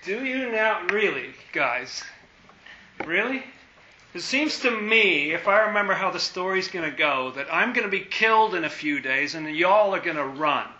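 A man teaching a Bible study, playful and animated, acting out the lines he quotes. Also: high-pitched, normal speed. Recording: roomy, dull lo-fi.

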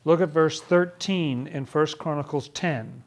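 A man's voice: fairly high pitch, measured pace. A man leading a casual Bible study, chatty and wry, often laughing.

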